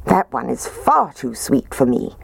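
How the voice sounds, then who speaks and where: A woman's voice: very deep voice, big pitch swings, a little slow, vocal fry, husky, no echo, full character voice. A fussy little girl picks at everything in a light, half-whispered voice, as a woman reading a storybook puts her on. Her tone rises and falls a lot, and the sound stays dry and close.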